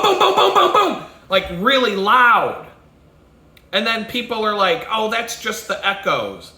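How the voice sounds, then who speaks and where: A man in a solo rant, his voice bright and sharp and pitched a bit high. He swears freely and jumps into loud shouts, recorded in an echoey room. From Texas. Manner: profane, conspiratorial, swings into loud shouting and mimicked sounds. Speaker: podcast host.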